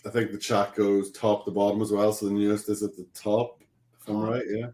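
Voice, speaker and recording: A man from Northern Ireland with a Northern Irish accent, co-hosting a live webinar in relaxed, easygoing banter. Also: lowish voice, fairly quick. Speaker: webinar co-host. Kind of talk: casual live-stream chat.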